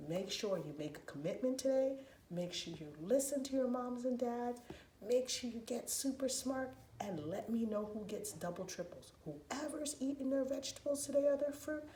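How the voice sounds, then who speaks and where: A woman telling a story to preschoolers in an expressive, playful, sing-song way. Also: medium pitch, a little hiss or hum. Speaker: children's storyteller. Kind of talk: animated preschool story time. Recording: roomy echoey room, faint ambience.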